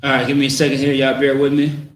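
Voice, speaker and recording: A man's voice: mid-range voice, monotone, fast. A man teaching a casual scripture class, repeating his points and checking in with the listeners. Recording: very echoey room, mic far off.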